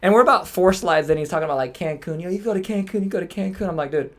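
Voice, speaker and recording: A young man hosting a podcast, telling a story in casual chat, acting out quotes and swearing freely. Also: sits high. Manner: fast, animated, swears freely, acts out quotes. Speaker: podcast host.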